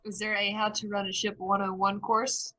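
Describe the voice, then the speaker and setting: A woman's voice: medium pitch, level tone, normal speed, sharp tone, soft background music, rough recording. A woman playing a tabletop game, chatting casually with eager questions. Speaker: player.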